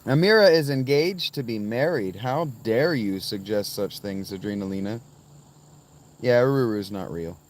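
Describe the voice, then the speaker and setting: A man's voice: fairly low pitch, animated, normal speed. Rambling man chatting to his stream. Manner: rambling, answers chat viewers by name, sudden sing-song chanting. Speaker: livestream host reading chat. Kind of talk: casual livestream chat. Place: inside a tent outdoors.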